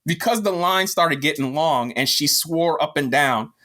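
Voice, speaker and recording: A man's voice: on the high side, measured pace. A man co-hosting a podcast, telling a rambling, profane story in casual chat. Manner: profane, rambling, animated retelling. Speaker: podcast co-host.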